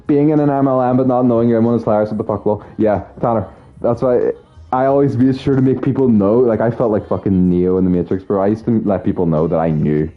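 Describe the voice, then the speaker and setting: Young man streaming, low-voiced, foul-mouthed and rambling, on a dull-sounding mic with faint music under him. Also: fairly quick. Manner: profane, rambling, animated storytelling. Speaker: streamer talking to chat. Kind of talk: casual rambling chat.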